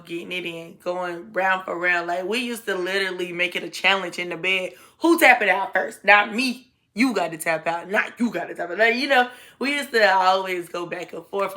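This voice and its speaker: Young woman vlogger, bright tone, dramatic slangy storyteller addressing her viewers. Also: on the low side, moderate pace. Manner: chatty, slangy, dramatic, talks straight to viewers. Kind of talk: casual storytelling to camera.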